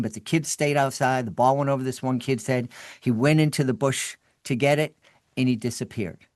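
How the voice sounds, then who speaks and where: A man recounting an old story as a podcast guest, his mid-range voice swinging with animated energy. He restarts and repeats words as he goes. The sound is dry and close, with no room around it. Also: medium pitch, no echo. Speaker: podcast guest, children's podcast creator. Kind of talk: storytelling in an interview.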